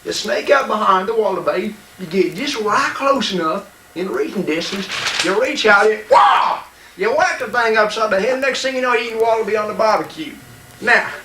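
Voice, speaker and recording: A boastful hunter, as a man puts him on, tells tall tales. His voice sits very high and rings bright. It is recorded in an echoey room with the mic set far off. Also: a little hiss or hum. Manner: tall-tale bragging, mock-serious demonstrating. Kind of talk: comedy sketch.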